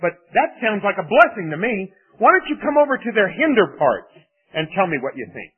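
A man's voice: high voice, very animated, a little fast, breathy edge, voice pushed up, full character voice. A man acting out an exasperated ancient king who bargains with money and sarcasm, heard over a tinny radio broadcast.

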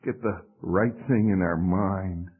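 Older guy giving a sermon, kinda husky, punchy emphasis, sounds like an old phone-line radio broadcast. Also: deep voice, fairly even intonation, slow. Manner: emphatic, rising and dropping sharply for stress. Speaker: preacher teaching on the book of James.

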